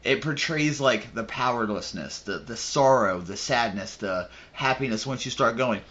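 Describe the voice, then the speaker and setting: A man co-hosting a podcast, chatting casually and excitedly about a video game, with animated retellings. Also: medium pitch, normal speed, lo-fi sound. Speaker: podcast co-host.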